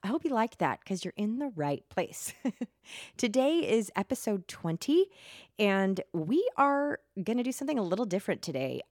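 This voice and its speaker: A woman's voice: fairly low pitch, a little mellow, no room sound, studio quality. A woman hosting a faith podcast in a casual monologue, quirky, playful and chatty. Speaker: podcast host.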